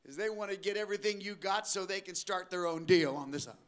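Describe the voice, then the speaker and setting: An older man preaching a sermon to his church, swinging between slow emphatic phrases and quick asides, and briefly acting out the voices of the people he describes. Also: high voice. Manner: preaching with sudden shifts in pace and loudness, acting out voices of listeners. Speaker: pastor. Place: church auditorium.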